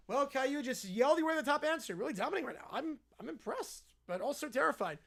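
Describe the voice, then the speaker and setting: A man hosting a parody game show with deadpan, wry asides. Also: very high-pitched, fast, vocal fry, hardly any pauses. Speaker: host.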